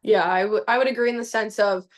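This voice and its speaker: Relaxed young woman, rambling and casual. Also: medium pitch, fast. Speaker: guest, hockey player. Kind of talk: casual chat.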